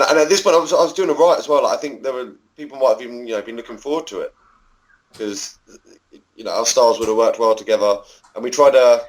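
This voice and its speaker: A man's voice: lowish voice, poor audio. A man in his thirties, a podcast guest who tells a long story in a chatty way, swears freely and acts out the voices of other people. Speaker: podcast guest, former backyard wrestler. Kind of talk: casual storytelling interview.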